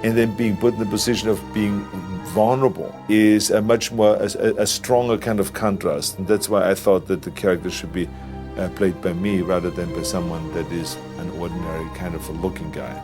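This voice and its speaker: A man's voice: sits low, fairly even intonation, brisk, music in the background. A man, the lead actor, talking emphatically in a featurette interview, sometimes stumbling over his words. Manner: emphatic with stammered restarts.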